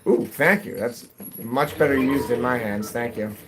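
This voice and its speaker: A man's voice: medium pitch, moderate pace, background noise. A man from New England chatting casually with his viewers while gaming, rambling from topic to topic and laughing often. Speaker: live streamer.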